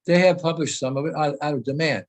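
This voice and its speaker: The audio quality is low as a senior devotee, a man in his 80s from the United States, speaks quickly in a higher-leaning voice. His informal talk to a meeting over video call is emphatic and rambles.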